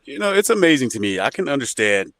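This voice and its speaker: A man's voice: medium pitch, very animated, fast talker, a bit bright, dry recording. A man co-hosting a casual political chat, dropping short wry remarks.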